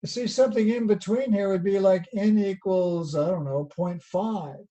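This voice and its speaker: A man's voice: high-pitched, moderate pace, dark tone. A man with a Southern US accent teaching a college lecture over a video call, chatty and folksy, asking rhetorical questions as he explains. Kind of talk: online lecture.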